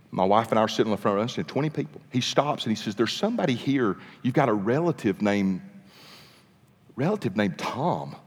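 A man preaching, telling a story with animated, dramatic pacing in a sermon. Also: fairly low pitch. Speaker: pastor. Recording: long reverb of a large hall.

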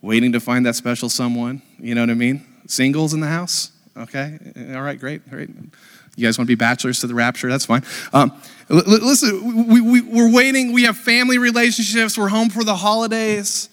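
A man in his thirties, a pastor, giving a lively, joking live sermon to his congregation, with lots of fillers and restarts. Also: a little high, fairly quick. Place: church sanctuary with a congregation. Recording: long reverb of a church hall.

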